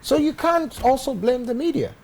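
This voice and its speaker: A man's voice: extremely high pitch, expressive, moderate pace, a little mellow, poor audio. A man with a Ghanaian English accent hosting a studio interview, probing and cutting in with questions. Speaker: show host.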